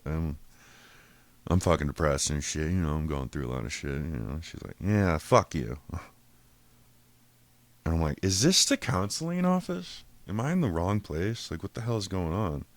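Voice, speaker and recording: Profane deep-voiced man telling a story. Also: normal speed, no echo. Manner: profane, animated retelling, acts out quotes. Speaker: podcast host. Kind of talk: casual storytelling.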